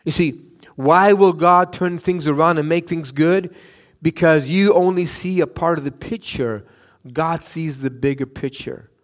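A middle-aged man from Canada preaching a sermon, telling Bible stories and a personal story, acting out the quotes and often asking "right?". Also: measured pace. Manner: animated, acts out quotes with raised pitch, frequent "right?". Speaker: pastor.

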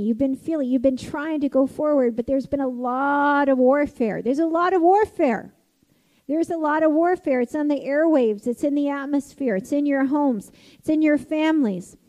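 A woman from Canada delivers a sermon in a high, warm, mellow voice. She is impassioned, rising to loud declarations and then dropping to hushed, intimate passages. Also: poor audio. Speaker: preacher.

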